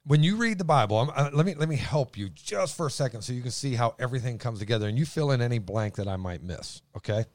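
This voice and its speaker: An excitable man teaching the Bible in a casual chat, his voice booming as he stumbles over restarts. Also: quick pace, hardly any pauses, no room sound, clean studio sound.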